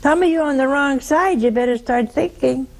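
A woman's voice: high-pitched, moderate pace, gravelly, a little mellow. A woman preaching a sermon, telling a story in a conversational way and asking the audience rhetorical questions.

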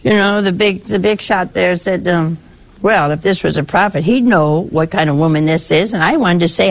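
A woman's voice: on the low side, normal speed. Older woman giving a folksy sermon. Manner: folksy, conversational, warmly exhorting. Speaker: religious speaker.

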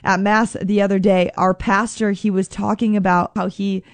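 A woman giving an earnest devotional reflection, speaking slowly and emphatically and often repeating phrases. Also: medium pitch, level tone, dry recording.

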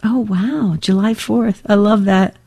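An older woman hosting a Catholic call-in radio program, talking in a warm, emotional way with many fillers and restarts. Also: medium pitch, fairly even intonation, measured pace, vocal fry, slightly rough.

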